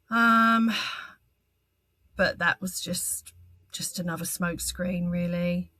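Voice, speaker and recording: A woman, telling her own story as an interview guest in a halting, earnest way, with frequent ums and restarts. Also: mid-range voice, a bit bright, dry recording. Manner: earnest and candid. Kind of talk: personal testimony in an interview.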